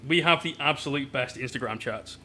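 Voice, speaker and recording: A man's voice: medium pitch, brisk, bright, forceful tone. A man hosting a casual painting live stream, bantering with his chat and explaining each step as he works.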